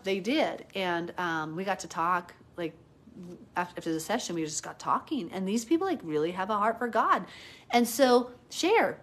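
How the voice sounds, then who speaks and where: A woman giving a casual, live-streamed Bible teaching. She talks in an earnest, chatty way, stops to answer viewer comments, and acts out quoted people with sudden jumps in pitch. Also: a bit bright.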